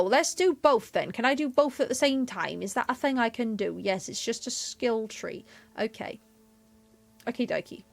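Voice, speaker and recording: A woman's voice: high-pitched, no echo. A woman chatting through a game on a live stream, self-deprecating and laughing often.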